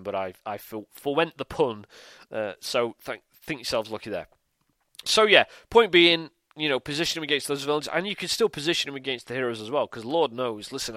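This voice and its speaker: A man's voice: medium pitch, a bit bright, no room sound. A man hosting a solo podcast, talking animatedly with rhetorical questions and frequent ums and restarts. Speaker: show host.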